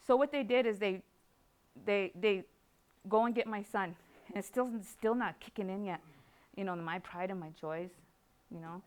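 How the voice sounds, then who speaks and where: A woman's voice: medium pitch, normal speed, long pauses, smooth. A woman from Canada giving an emotional personal testimony, speaking rawly with repeated phrases. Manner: raw, emotional, repetitive phrasing. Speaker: speaker sharing her recovery story.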